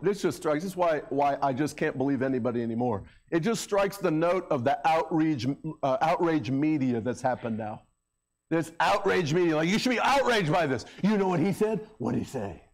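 Male pastor, middle-aged, high-pitched voice, conversational sermon, church microphone. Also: animated, fairly quick. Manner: conversational preaching with fillers, mocks the crowd in raised voices. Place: church sanctuary. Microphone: handheld or stand microphone.

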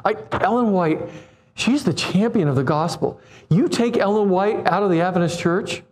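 Man in his 70s, high voice, animated preaching, acts out voices, asks the room questions. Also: moderate pace. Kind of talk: sermon.

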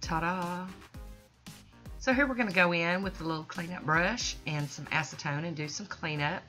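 Woman, low bright voice, folksy, enthusiastic tutorial host. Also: fairly quick. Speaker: nail art channel host. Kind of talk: casual tutorial voice-over. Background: soft background music.

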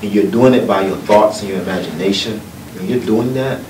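A man's voice: on the low side, a little fast, darkish tone. A man from North Carolina with a Southern accent, telling folksy personal stories that turn motivational at a book event. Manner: folksy, earnest, building to uplifting points. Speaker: guest speaker at a book event. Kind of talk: personal storytelling and motivational talk. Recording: echoey room from far off, noisy.

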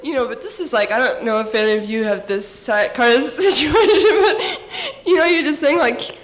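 Slightly high-voiced woman architect telling anecdotes. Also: moderate pace, poor audio. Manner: animated anecdote-telling with frequent laughs and restarts. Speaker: architect and panelist. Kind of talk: panel discussion storytelling.

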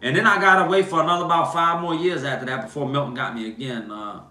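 A man, hosting a casual livestream and telling animated, slangy stories. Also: on the high side, fast. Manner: animated, slangy storyteller, lots of "bro" and "man". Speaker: host. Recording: echoey room.

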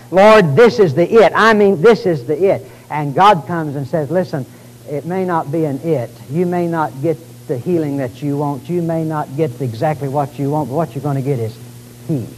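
A man preaching a sermon in a folksy, dramatic way, calling his listeners folks and swinging from exclamations to quiet lines. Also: poor audio. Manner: dramatic preaching, rising to exclamations and dropping low. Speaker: pastor.

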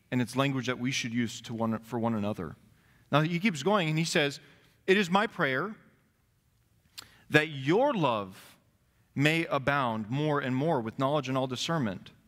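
A man's voice: medium pitch, fairly bright tone. A man pastor giving a sermon, reading scripture aloud and stressing key words. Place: church sanctuary. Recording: long reverb of a church hall.

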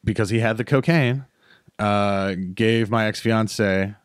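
Low-voiced man telling a rambling story. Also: slow pace, smooth, no echo, clean studio sound. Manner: rambling, full of "uh" and self-corrections. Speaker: comedian guest on a podcast. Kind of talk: casual storytelling.

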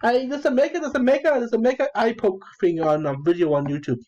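A man with a very high-pitched, darkish voice talks fast and casually through his online strategy game. He rambles, repeats phrases, swears and giggles as he narrates his play. The recording has a dull lo-fi sound.

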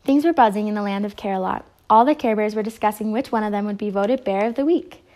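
A woman reads a children's storybook aloud, gentle and expressive, at an average pitch for her voice. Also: fast talker. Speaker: storybook reader.

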